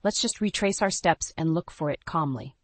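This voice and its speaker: A woman voicing a calm, dismissive husband in a narrated audio story, in a low, level voice. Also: normal speed, no echo. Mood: placating. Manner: level, placating.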